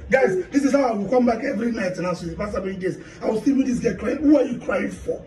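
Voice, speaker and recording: A man's voice: high-pitched, animated, fast talker, mellow. A man firing off scolding, challenging questions. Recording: roomy and from a distance, faint noise.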